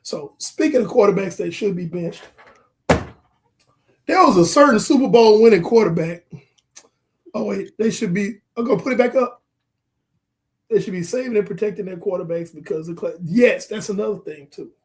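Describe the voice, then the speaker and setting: Podcast co-host, male, high voice, animated and joking, casual sports talk. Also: moderate pace, long pauses. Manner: animated, joking, acts out movie scenes.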